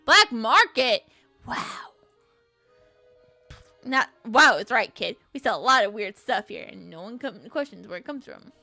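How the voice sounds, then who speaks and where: A woman voicing a streetwise male black market dealer from a puzzle game, speaking low and conspiratorially. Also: very animated, unhurried, long pauses, pushed and bright, no echo, faint music behind, exaggerated voice. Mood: warning.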